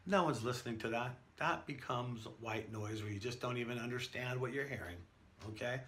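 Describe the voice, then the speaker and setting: A man teaching announcing skills in an animated, breezy, jokey manner. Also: mid-range voice, a little fast. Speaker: announcer coach. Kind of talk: instructional talk.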